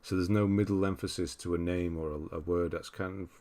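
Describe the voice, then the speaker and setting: A man's voice: low-pitched, steady tone, a little fast, a little mellow. A man hosting a livestream, casually rambling as he reads out viewer comments and answers them. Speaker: livestream host.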